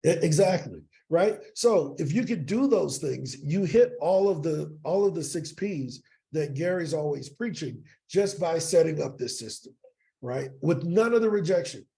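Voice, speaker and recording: Gravelly-voiced man telling lively stories. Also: on the high side, moderate pace. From East St. Louis, Illinois. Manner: animated storyteller, keeps asking "right?". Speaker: podcast guest, sales coach. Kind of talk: casual interview storytelling.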